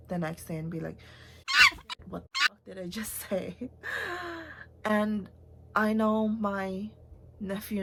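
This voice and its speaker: A woman's voice: lowish voice, gravelly, a little mellow, a little hiss or hum. A young woman, talking in a rambling, heartfelt personal vlog with many fillers and restarts, at times close to tears. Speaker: vlogger.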